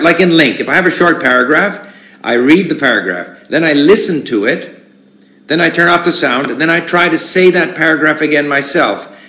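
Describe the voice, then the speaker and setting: A man answering audience questions in a relaxed, rambling way, with frequent restarts and fillers. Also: on the high side, echoey room. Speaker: conference speaker answering questions. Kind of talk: casual spoken talk with audience questions.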